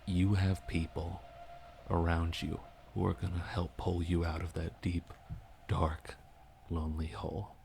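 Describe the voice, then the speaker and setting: A man voicing a steady, gruff man who calms a friend by telling him a story. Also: low voice, unhurried, a little hiss or hum. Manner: firm then gently storytelling.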